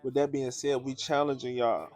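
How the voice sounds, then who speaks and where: A man's voice: mid-range voice, steady tone, normal speed, a little mellow. A young man, chatting casually in a vlog with a laid-back, slangy way of talking. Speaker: vlogger.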